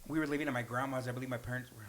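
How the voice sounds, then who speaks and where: A man's voice: medium pitch, fairly even intonation, racing, fairly bright tone. A man from El Paso telling a story as a podcast guest, casually and animatedly, swearing freely and acting out the quotes. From El Paso, Texas.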